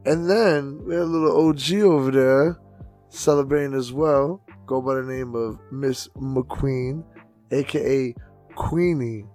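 A man co-hosting a podcast, telling loud, profane stories in a casual way and acting out other people's voices with big swings in pitch and volume. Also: a little slow, soft background music. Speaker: podcast co-host and DJ.

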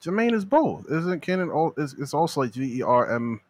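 Lively young man hosting a podcast. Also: a little high, a little fast, no echo. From United States. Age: young adult. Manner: animated, laughing banter. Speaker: podcast host. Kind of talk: casual chat.

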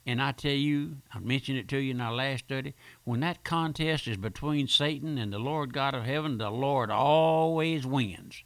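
A man's voice: mid-range voice, moderate pace, hardly any pauses, no room sound. A male pastor preaching a fervent radio sermon with rhetorical questions and repeated phrases.

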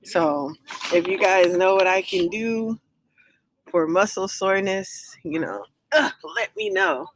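A woman co-hosting a casual podcast chat with her husband, chatty and quick to laugh. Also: mid-range voice, lively intonation, no room sound. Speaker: podcast co-host.

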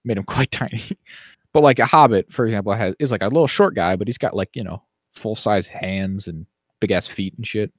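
A man's voice: on the low side, brisk, dry recording, clean studio sound. A man co-hosting a podcast in casual chat, ranting animatedly and mimicking people he quotes. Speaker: podcast co-host.

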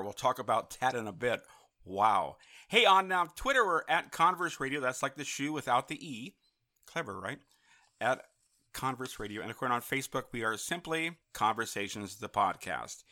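A man hosting a live talk radio show from a studio, chatty and upbeat, with quick asides and self-amused jokes. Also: a little high, sharp tone. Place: Los Angeles studio.

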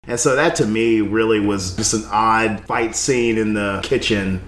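A man's voice: on the low side, normal speed, few pauses, a little hiss or hum. Hesitant man in a roomy echo. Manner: rambling, hesitant. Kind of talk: casual movie podcast chat.

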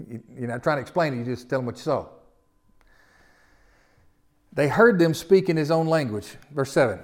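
A man with a Southern American accent preaching a sermon, reading scripture slowly and explaining it in a folksy way with rhetorical questions. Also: on the high side, lively intonation, a little mellow. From Southern United States. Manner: reads scripture slowly, then talks through it.

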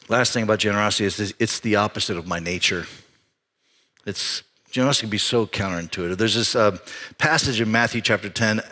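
A man preaching a sermon as pastor, telling a personal story in an animated way with frequent restarts. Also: on the low side, fairly quick.

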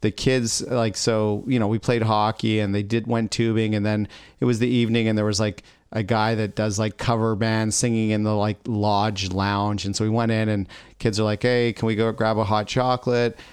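A middle-aged Canadian man co-hosting a podcast, talking in a casual, rambling way and acting out quotes as he tells a family story. His voice sits low and smooth. The sound is dry and close to the mic. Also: flat delivery, normal speed, dry recording. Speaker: podcast co-host. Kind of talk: casual chat.

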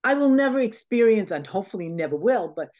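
A woman's voice: mid-range voice, expressive, fast, a little mellow. Woman telling stories, many "you know"s. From United States. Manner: rambling, heartfelt storytelling with many "you know"s. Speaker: interview guest. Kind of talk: casual interview conversation.

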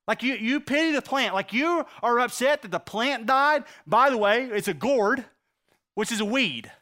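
A man preaching a sermon, acting out the quotes he reads and swinging between loud outbursts and hushed lines. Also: extremely high pitch, animated, normal speed.

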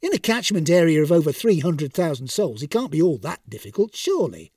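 A man voicing a harried male archangel supervisor who talks in a brisk, reasoning, managerial way. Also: on the high side, sing-song, dark tone, breathy edge, no room sound, clean studio sound, recorded from a distance, exaggerated voice. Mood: impatient.

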